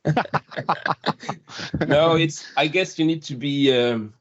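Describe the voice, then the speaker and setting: A man's voice: a little high, drawn-out words. Man, French accent, forties, chatty, self-mocking, lots of restarts, muffled lo-fi call sound. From France. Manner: chatty, self-deprecating, laughs often, many restarts. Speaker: guest product manager. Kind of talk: casual video-call chat. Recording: dull lo-fi call audio.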